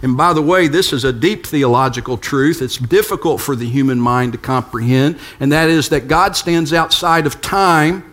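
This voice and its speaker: An older male pastor delivers a sermon in a conversational, storytelling way, slipping in light humor. His voice sits somewhat high for a man. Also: moderate pace, hardly any pauses, fairly bright tone.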